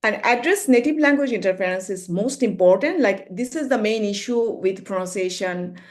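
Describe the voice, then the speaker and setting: A woman presents at an online academic conference over a video call. Her pitch and pace sit in the middle for a woman. She explains as she goes, fills pauses with "like" and says sounds aloud to show them. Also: lively intonation. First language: Bengali.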